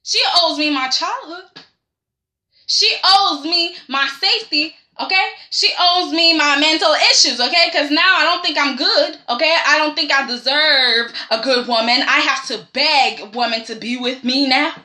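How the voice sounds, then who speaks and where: Higher voice than her usual, a woman putting on a whiny, self-pitying grown son who pleads and keeps tacking on "okay?", bright and sharp in tone, with a roomy echo around it. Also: normal speed. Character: whiny, pleading grown son complaining about his mother.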